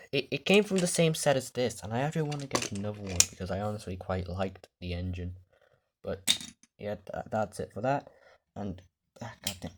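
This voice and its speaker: A man's voice: fairly low pitch, noisy background. A man casually showing his toy collection in a vlog, rambling off the cuff and swearing when the camera loses focus. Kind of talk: casual show-and-tell vlog.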